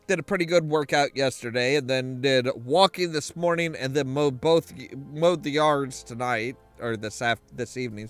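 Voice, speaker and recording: A man's voice: fairly high pitch, a bit bright, clean tone. A man casually commenting while playing a game, rambling with frequent restarts. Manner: rambling, many restarts and swears. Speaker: game streamer. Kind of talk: casual let's-play commentary.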